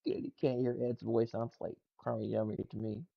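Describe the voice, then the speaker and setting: A man's voice: medium pitch, little pitch movement, brisk, gravelly, lo-fi sound. A man casually reacting to gaming clips and tweets, laughing often and swearing loosely. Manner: laughs a lot, loose and profane. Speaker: gaming news streamer.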